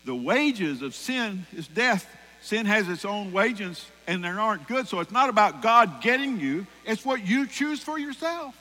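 A man in his sixties preaches with animation, slipping into voices and bits of song. His voice is bright and sits fairly high for a man. It rings through a reverberant hall over a low mains hum. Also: unhurried. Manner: animated, acts out voices and sings song lines. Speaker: pastor. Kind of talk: sermon.

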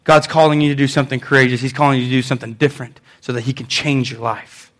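A man preaching a sermon, reading scripture aloud and swinging between loud emphatic lines and quiet ones, often repeating phrases for emphasis. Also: medium pitch, little pitch movement, quick pace. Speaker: pastor.

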